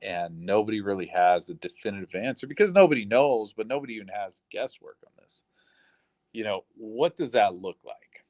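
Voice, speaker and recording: Low-voiced, profane male podcast host. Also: lively intonation, moderate pace, darkish tone, no room sound. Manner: profane, incredulous, thinking aloud with frequent fillers. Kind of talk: casual commentary on played interview audio.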